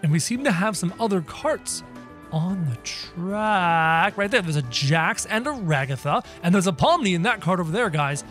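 A man giving excited gameplay commentary to his viewers. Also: high-pitched, moderate pace, faint music behind. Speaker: gaming youtuber.

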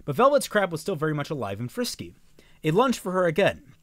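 A man's voice: a little high, wildly swooping pitch, fairly quick, no room sound. A young man reading a novel aloud on a live stream, often stumbling, rereading phrases and breaking off to make joking comments.

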